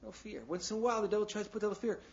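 A man's voice: high-pitched, fairly even intonation, rapid-fire, a little mellow, slight background noise. A man preaching a sermon in a loose, conversational way, full of "you know" asides and jokes. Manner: breaks into jokes and acted asides. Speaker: pastor. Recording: dull, lo-fi sound.

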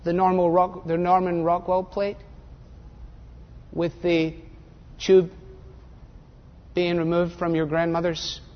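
An older man preaching a sermon, animated and sarcastic, mimicking voices to make his points. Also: sits high, slow pace, pauses often. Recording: dull lo-fi audio in a reverberant hall.

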